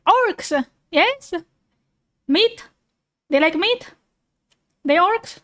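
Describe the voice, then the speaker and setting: A woman with a high, bright-toned voice chats along with a video she is watching. She talks slowly and drawls her words. Her manner is playful and goofy, full of silly interjections. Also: lively intonation. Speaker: vtuber reacting to a video. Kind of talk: casual reaction chat.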